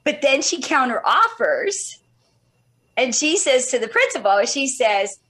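A woman in her fifties, an interview guest telling a personal story in an animated, expressive way with shifting pace. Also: high voice, measured pace. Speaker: guest speaker.

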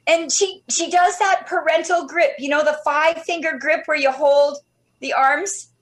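A woman in her fifties, an interview guest telling a personal story in an animated, expressive way with shifting pace. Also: high-pitched, normal speed. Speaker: guest speaker.

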